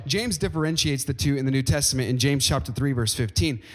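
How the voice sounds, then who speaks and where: A man's voice: medium pitch, fast. Man preaching in a reverberant hall. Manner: emphatic preaching, calls out to the congregation. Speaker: pastor. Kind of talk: sermon. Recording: long reverb of a large hall.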